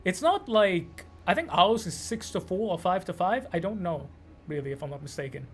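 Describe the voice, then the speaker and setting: A man's voice: high-pitched, expressive, normal speed, a little hiss or hum. A man from Canada giving loose, sweary, rambling commentary while streaming a game. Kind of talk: casual gameplay commentary.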